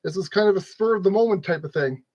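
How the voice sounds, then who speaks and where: A man's voice: high voice, fast, darkish tone. A man narrating a model kit build in a casual, rambling way, scolding his tools and joking at his own expense. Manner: rambling, talks to objects, self-deprecating.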